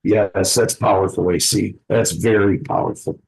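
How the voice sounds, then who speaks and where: Gravelly, husky man sharing earnestly. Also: fairly low pitch, darkish tone, low-quality recording. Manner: earnest, reflective, pausing to gather his words. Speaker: participant sharing a personal story. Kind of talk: heartfelt personal sharing in a group conversation.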